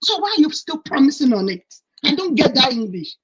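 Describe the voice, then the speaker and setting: A woman's voice: high voice, big pitch swings, fairly quick, fairly bright tone. Emphatic Nigerian woman, muffled audio. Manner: emphatic, repeats her point indignantly. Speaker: panel guest. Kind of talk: casual chat.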